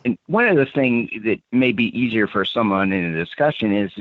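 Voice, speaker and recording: A man's voice: lowish voice, expressive, brisk, no room sound. A man from central Pennsylvania calling in to a show, chatting in a rambling way with lots of fillers. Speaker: caller. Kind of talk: casual phone-in chat. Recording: tinny phone line.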